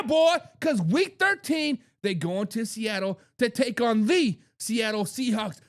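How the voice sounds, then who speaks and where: A man hosting a sports talk show, making hyped, trash-talking predictions and repeating lines for emphasis. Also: extremely high pitch. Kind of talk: animated sports predictions monologue.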